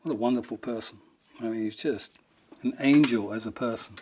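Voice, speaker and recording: A man's voice: mid-range voice, brisk, a little hiss or hum. A man being interviewed, telling funny stories with frequent chuckles and voices for the people in them. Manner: chuckling, animated retelling with acted quotes. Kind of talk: anecdotal storytelling.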